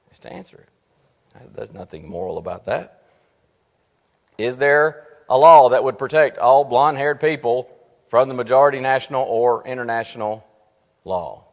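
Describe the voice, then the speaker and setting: A man leading a church Bible study, earnest, asking rhetorical questions and slowing down to stress his points. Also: medium pitch, gravelly. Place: church meeting room. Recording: long reverb in a church room.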